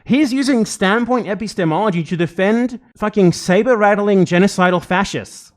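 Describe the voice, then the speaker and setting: Angry, swearing man with a high voice. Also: normal speed. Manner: angry, exasperated, heavy swearing. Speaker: streamer reacting to a video. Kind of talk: live reaction commentary.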